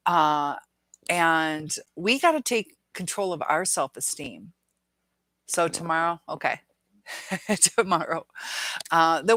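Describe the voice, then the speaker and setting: A woman's voice: deep voice, a bit bright, dry recording, poor audio. A middle-aged woman hosting a casual livestream, rambling through viewer comments with many fillers and laughs. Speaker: livestream host.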